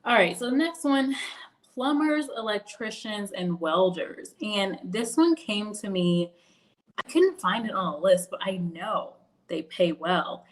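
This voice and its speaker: A woman's voice: mid-range voice, measured pace. Young woman chatting on a stream, laughs a lot, goes off on little story tangents. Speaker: career video host. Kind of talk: casual livestream chat.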